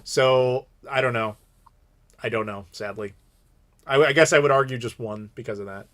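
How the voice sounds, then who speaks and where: A man's voice: medium pitch, moderate pace. A man in his thirties hosting a live Q&A stream, telling rambling stories in casual chat. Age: 30s. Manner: rambling, animated storytelling with laughs. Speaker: streamer host.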